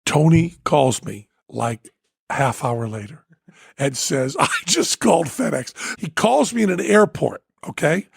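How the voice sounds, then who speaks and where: A man hosting a podcast and telling a comic story, animated, loud and profane, often laughing. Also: on the high side, unhurried, vocal fry, husky, dry recording, studio quality. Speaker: podcast host.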